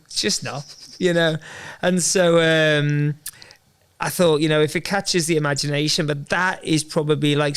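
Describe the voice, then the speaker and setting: Guy rambling on as a guest, gravelly but smooth voice, bit high, jokes at his own expense. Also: a bit bright. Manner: chatty, rambling, self-deprecating humor. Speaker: guest, endurance runner. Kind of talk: casual interview chat.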